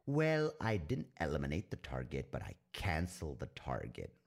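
Man doing a whiny, prickly special forces operative, indignant and self-righteous, low-voiced, pitch bouncing around. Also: wildly swooping pitch, moderate pace, gravelly, exaggerated voice. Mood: evasive.

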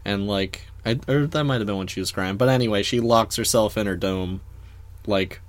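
A man's voice: on the low side, normal speed. A man co-hosting a podcast, joking and laughing while recapping a cartoon episode. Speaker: podcast co-host. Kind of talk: casual recap chat.

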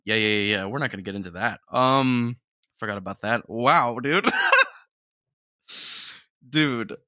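Female podcast host, playful reactor, bright and dry close sound. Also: a bass voice, measured pace, no room sound. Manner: playful, reacting with laughs and "dude". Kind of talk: casual commentary on clips.

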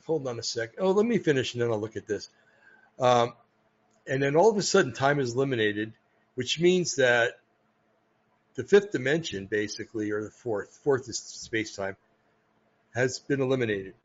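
An American man hosting a podcast, talking casually about religion in a rambling way, with many pauses and restarts. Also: mid-range voice, muffled recording. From United States. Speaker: podcast host. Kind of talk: casual religious talk monologue.

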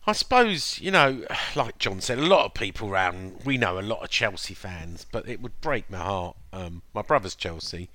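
A man from Surrey with a nasal voice, chatting casually on a podcast with halting, rambling restarts. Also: fairly low pitch, animated, bright, forceful tone, no room sound. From Surrey, England. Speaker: podcast co-host. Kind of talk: casual chat.

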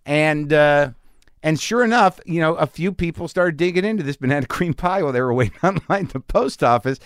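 A man hosting a podcast, telling a story in a casual, animated way and acting out the people in it. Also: on the high side, a little fast, clean tone, no echo, clean studio sound. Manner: animated, acts out the people in his stories. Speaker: podcast host. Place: home garage studio.

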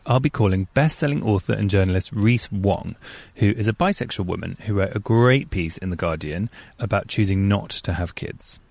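Male podcast host, lowish gravelly voice, dry close mic, chatty and self-mocking. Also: no echo. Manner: chatty, self-deprecating, animated asides. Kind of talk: casual podcast monologue. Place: outdoors in a car park. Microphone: handheld microphone.

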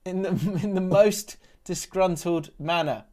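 A man's voice: high-pitched, measured pace, dark tone. A man co-hosting a football podcast, chatting casually and laughing as he reads listener messages aloud. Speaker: podcast co-host. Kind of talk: casual chat.

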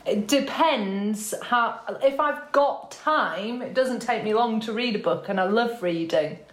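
A woman's voice: on the high side, a little slow. A middle-aged woman as a guest in casual chat, playful and self-mocking, laughing easily, recorded in her own home. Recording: roomy home recording over remote link.

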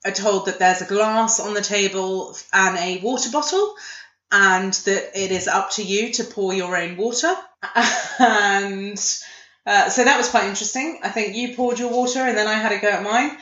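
A woman's voice: medium pitch, unhurried, bright, forceful tone. A woman chatting casually as a podcast co-host, laughing often and restarting her sentences. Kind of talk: casual chat. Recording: echoey room, slightly dull sound.

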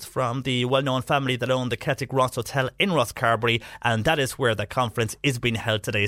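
A middle-aged Irish man hosting a local radio talk show, reading news items in a steady, conversational way with frequent "uh" fillers. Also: mid-range voice, dry recording, clean studio sound. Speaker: radio host. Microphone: studio microphone.

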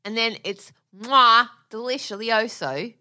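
A woman's voice: a little high, slow pace, bright, forceful tone, heavily acted. A woman putting on a cheery male TV chef with a bouncy sing-song delivery.

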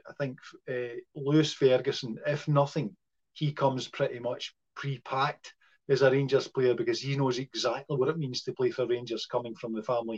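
A man's voice: medium pitch, darkish tone. A man, co-hosting a casual football podcast, hesitant and full of fillers and restarts. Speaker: podcast co-host. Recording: muffled lo-fi audio.

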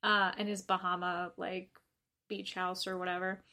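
A young woman co-hosting a casual podcast, laughing often and retelling scenes with animated, swearing energy. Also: lowish voice, normal speed. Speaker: podcast co-host. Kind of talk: casual chat.

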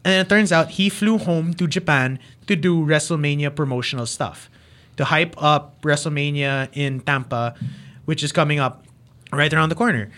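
Casting: man, podcast co-host, lively loose wrestling talk, slightly high voice. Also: normal speed. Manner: animated, swears freely, mixes in Tagalog. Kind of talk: casual wrestling chat.

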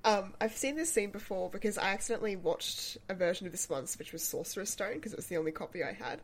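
A woman's voice: mid-range voice, expressive, fast talker. A woman chatting casually and laughing often, with lots of "like". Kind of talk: casual chat.

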